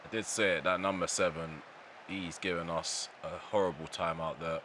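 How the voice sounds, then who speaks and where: A man's voice: deep voice, fairly even intonation, moderate pace, noisy background. A man giving live commentary over his own football video game match, often exasperated and ranting about how it is going. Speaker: gaming channel host.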